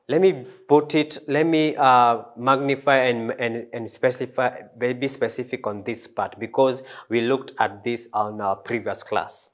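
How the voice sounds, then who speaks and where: A man teaching a French language lesson, slow and hesitant, with many fillers and restarts. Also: mid-range voice. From East Africa. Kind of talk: classroom lesson.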